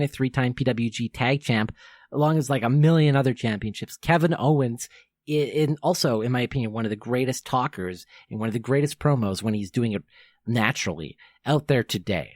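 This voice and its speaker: A man's voice: mid-range voice, dry recording, studio quality. A young man hosting a podcast, giving an enthusiastic fan's countdown commentary that rambles with fillers and self-corrections. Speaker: podcast host.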